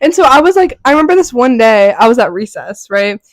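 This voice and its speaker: A woman's voice: on the high side, very animated, a little fast, dry recording. A teenage girl co-hosting a podcast, telling an embarrassing story in casual chat, laughing until she cries. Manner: giggly, storytelling, laughs through her words. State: laugh-crying. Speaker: podcast co-host.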